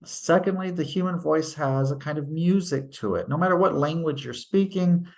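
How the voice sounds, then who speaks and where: A man's voice: on the high side, a little mellow. A male teacher giving a recorded lecture, explaining patiently and stopping to act out example sentences. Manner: slow, deliberate, explains patiently with tag questions; demonstrates intonation by acting out sentences.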